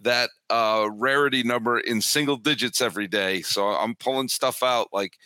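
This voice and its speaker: Bright-voiced man, animated sports chatter. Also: medium pitch, moderate pace, clean tone, no echo, clean studio sound. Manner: animated, repeats words as he builds a point. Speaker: podcast guest. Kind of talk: casual sports podcast chat.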